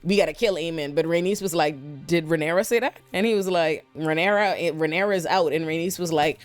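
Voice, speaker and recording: Young woman, fairly low voice, emphatic, slangy storytelling, light music behind. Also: a little fast. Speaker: TV recap host. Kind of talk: casual TV episode breakdown.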